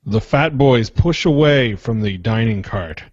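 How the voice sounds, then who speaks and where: A man's voice: medium pitch, animated, unhurried, dry recording. A man with a Philadelphia accent co-hosting a TV review podcast, reflective and stammering through restarts. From United States. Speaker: podcast co-host. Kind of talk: casual chat. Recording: dull lo-fi sound.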